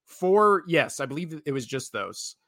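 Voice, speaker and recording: A man's voice: on the high side, sing-song, measured pace, a bit bright, dry recording, studio quality. A man in his thirties co-hosting a casual sports podcast, joking and rambling, laughing often. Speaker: podcast co-host.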